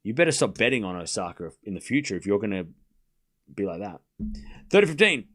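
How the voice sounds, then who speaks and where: A man's voice: fairly low pitch, big pitch swings, a little fast, fairly bright tone. An Australian man hosting a live tennis watchalong, chatting casually and replying to his chat. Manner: playful, repeats words, responds to chat. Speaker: livestream host.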